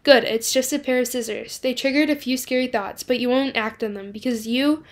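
A woman voicing a calm, steady middle-aged mother who speaks soothingly in a book reading. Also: high-pitched, fairly quick, natural voice. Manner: soothing, reassuring.

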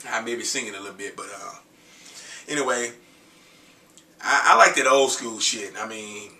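A man's voice: mid-range voice, normal speed, bright, forceful tone, roomy sound, recorded from a distance. A man in his thirties, an R&B singer, chatting casually and profanely while getting over a cold. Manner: loose, profane, joking chat between sung snippets. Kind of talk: casual vlog with singing.

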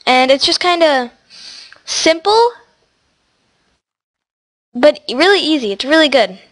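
A woman's voice: high-pitched, fairly bright tone. A teenage girl with a stuffy, sniffly voice, chatting casually and rambling as she hosts a gaming tutorial. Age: teens. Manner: chatty, rambling, talks to animals in game. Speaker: gaming channel host. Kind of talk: casual gameplay tutorial chat.

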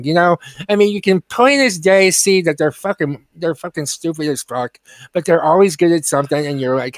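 High-voiced man ranting on a podcast. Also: no echo. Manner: profane, ranting, animated storytelling. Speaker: podcast co-host. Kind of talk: comedy podcast storytelling.

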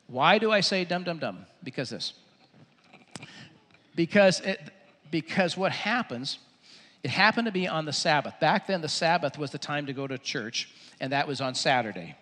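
A male pastor preaching a sermon, telling a Bible story in an animated way and acting out its scenes. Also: a little high, unhurried, long pauses. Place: church. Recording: echoey hall.

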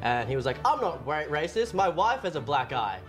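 A man telling crude jokes in casual banter. He fills his pauses with "uh" and voices the jokes' characters. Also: a little high, very animated, over music. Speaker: joke-telling podcast co-host.

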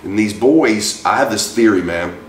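A man's voice: fairly low pitch, moderate pace, distant mic, a little hiss or hum. Man in his forties telling a story from off-mic. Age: 40s. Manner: animated storyteller acting out quoted voices. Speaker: guest. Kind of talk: storytelling interview. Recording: roomy, from off-mic.

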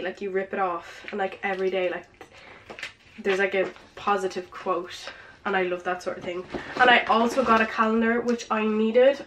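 A woman's voice: mid-range voice, fairly bright tone. Young woman, teens, casual haul vlog, short of breath, filler-heavy, background noise. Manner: chatty, filler-heavy, lots of "like" and "um". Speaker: vlogger. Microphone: camera with ring light.

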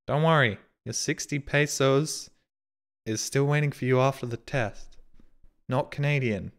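A man's voice: mid-range voice, measured pace. A man streaming live, reading out viewer donations and messages in casual, self-mocking, sarcastic banter.

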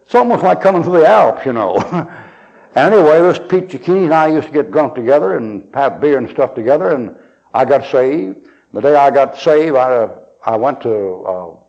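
A man's voice: mid-range voice, lively intonation, moderate pace, gravelly, darkish tone, dull audio. A man preaching a sermon as a folksy storyteller who chuckles and acts out his dialogue.

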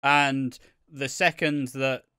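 A man's voice: medium pitch, steady tone, slow pace, sharp tone, clear, resonant tone, dry recording, studio quality. A man co-hosting a podcast, chatting casually and swearing a lot as he recaps a soap, often acting out the characters' lines. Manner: sweary, laughing, acts out quotes in voices. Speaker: podcast co-host.

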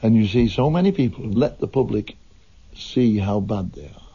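Brief: husky male commentator, old dull radio sound. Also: fairly low pitch, expressive, mellow. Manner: admiring, measured. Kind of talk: radio tribute.

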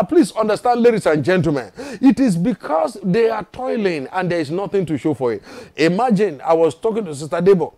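Male pastor from Nigeria, high voice, emphatic repetitive sermon delivery with rhetorical questions. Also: dark tone.

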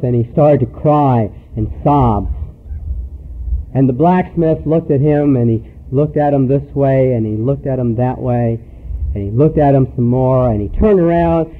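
A man giving a personal recovery talk to a meeting, telling stories earnestly with pauses. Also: mid-range voice. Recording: tinny phone-like recording.

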